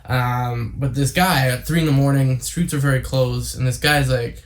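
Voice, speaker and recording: A man's voice: mid-range voice, steady tone, normal speed. Rambling young man vlogging. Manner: rambling, lots of fillers and tangents. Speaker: YouTuber. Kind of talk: casual vlog monologue.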